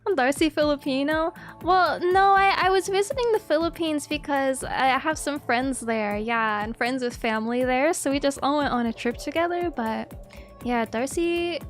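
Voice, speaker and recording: Young woman streamer, high voice, giggles a lot, swears casually, faint music behind. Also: normal speed.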